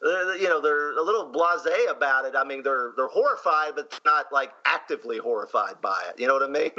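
A man's voice: a little high, lively intonation, brisk, bright, forceful tone, dull audio. A man with a Southern accent co-hosting a casual movie discussion, chatty and laughing often between fillers. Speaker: podcast co-host.

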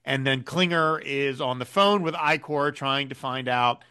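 A man's voice: medium pitch, measured pace, bright, forceful tone, clear, resonant tone. A man co-hosting a podcast, chatting casually and animatedly recounting scenes. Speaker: podcast co-host. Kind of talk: casual chat.

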